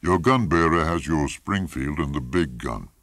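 A man's voice: very deep voice, expressive, normal speed, fairly bright tone, no echo, clean studio sound, exaggerated voice. A man reading a story aloud, voicing a curt, confident professional hunting guide who talks in clipped phrases. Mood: brisk. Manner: clipped, terse.

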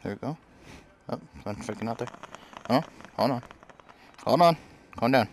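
A man's voice: medium pitch, moderate pace, a little hiss or hum. A young man casually commentating a game, crude and mumbling, talking back to the characters. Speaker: gaming streamer. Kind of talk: casual let's-play commentary.

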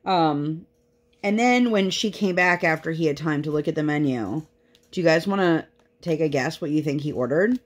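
A young woman with a lowish voice tells stories in a loose, chatty way. She talks casually while she works on a craft project, with plenty of fillers. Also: moderate pace. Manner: chatty storytelling with many fillers. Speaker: crafting vlogger.

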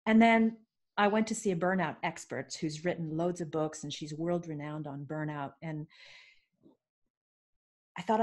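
A woman from Canada, a podcast guest and business coach, telling lively, self-mocking stories in a casual interview. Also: low voice, a little slow, pauses often.

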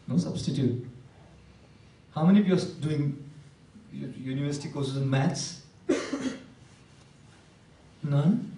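A man's voice: fairly high pitch, animated, slow, long pauses, a little mellow, slight background noise. A man giving an emphatic motivational talk to a live audience, repeating key words and asking the crowd questions. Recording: echoey hall, voice from a distance.

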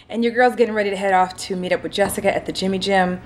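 A woman's voice: medium pitch, steady tone, racing, hardly any pauses, slight background noise. A woman vlogger chatting casually at home in her morning voice, slangy and upbeat. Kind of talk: casual vlog chat.

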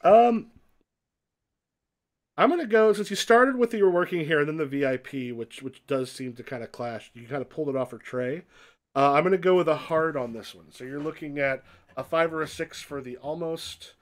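A man's voice: on the high side, normal speed. A man running an improvised tabletop heist game as game master, rambling with lots of fillers as he narrates and voices the people his players meet. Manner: rambling, filler-heavy, shifts between narration and quoted characters.

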